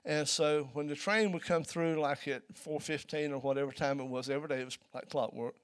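A man preaching a sermon in a church, telling a story and building to loud, emphatic peaks. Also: fairly high pitch, fairly even intonation, a little fast, clean tone.

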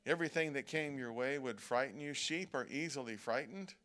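Speaking in a slightly bright voice of medium pitch, a man preaches an evening sermon during a church service. His delivery is casual, punctuated by frequent "okay?" check-ins, and he deliberately slows when leaning on scripture quotations.

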